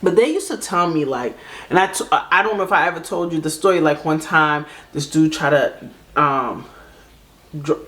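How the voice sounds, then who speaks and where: A woman's voice: low voice, a bit bright. Woman, casual storytelling, emphatic, conversational, reaction host.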